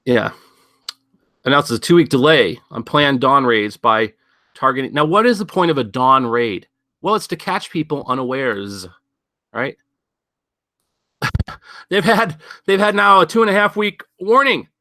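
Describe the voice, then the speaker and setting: A man's voice: medium pitch, animated, a little slow, pauses often, sharp tone, dry recording, studio quality. A man hosting a casual news commentary show, rambling and sardonic, thinking aloud with many fillers and asides. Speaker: podcast host.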